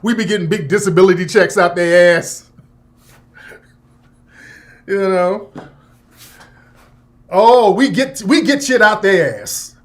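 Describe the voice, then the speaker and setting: A man's voice: high-pitched, normal speed. A man hosting a talk radio show, delivering a profane, opinionated monologue with laughter and mocking asides. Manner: profane, animated, laughing, with mocking put-on voices.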